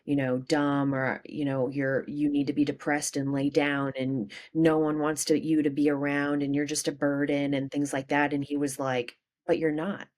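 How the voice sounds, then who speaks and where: A young adult woman, a podcast guest, telling a candid personal story, animated, dropping quiet and then bursting out loud. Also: low-pitched, moderate pace, few pauses.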